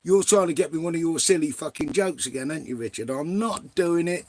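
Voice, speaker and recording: A man's voice: fairly high pitch, brisk, darkish tone, no echo. A man hosting a live stream in casual chat, greeting viewers by name and swearing freely.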